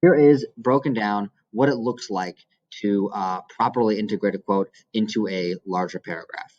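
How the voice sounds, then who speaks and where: A man's voice: on the low side, moderate pace, a little mellow, highs cut off. A male teacher explaining how to quote and cite in essays, walking through examples step by step. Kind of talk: recorded classroom lesson.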